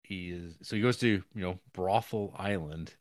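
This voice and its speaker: A man co-hosting a podcast rambles through a film's storyline in a fairly low voice at a normal pace, scattering fillers and wry, profane asides throughout. The audio is dry and close, carrying no room sound at all.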